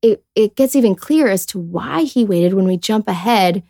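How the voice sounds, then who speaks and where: On a casual faith podcast she co-hosts, a woman reads scripture aloud and reflects, chatty and sincere, often saying "like" and acting out the people she quotes. Her mid-range voice is expressive, creaky and mellow at a moderate pace, recorded without room sound.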